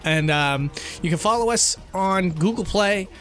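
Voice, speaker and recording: Bright, high-voiced man hosting a podcast. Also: measured pace, faint music behind. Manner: upbeat, laughing often. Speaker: podcast host. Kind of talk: casual gaming chat.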